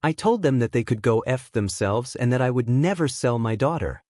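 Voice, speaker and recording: A man reading as a weary monotone hero-teacher. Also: mid-range voice, normal speed, no room sound, clean studio sound, lightly acted. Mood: blunt. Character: weary, blunt adult male hero-teacher and protective father.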